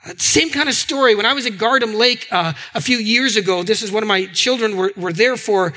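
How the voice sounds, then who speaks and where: A man with a very high, bright, ringing voice preaches a sermon. He tells stories with animation and acts out what others say, often tripping over repeated words. He sounds middle-aged and speaks like a pastor to his congregation. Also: brisk, low-quality recording. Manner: animated storytelling, acting out quoted voices, frequent stammered repeats.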